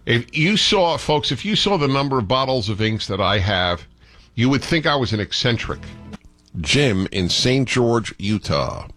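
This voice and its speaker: A middle-aged man hosting a call-in radio talk show, animated and given to playful lecturing. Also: medium pitch, measured pace, soft background music.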